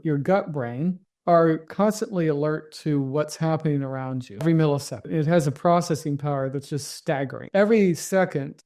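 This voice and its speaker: A man's voice: a little high, darkish tone. A man teaching by walking listeners through a story, talking casually with many fillers and acting out their inner thoughts. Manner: conversational, with many fillers, self-corrections and acted inner thoughts. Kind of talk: guided story and lesson.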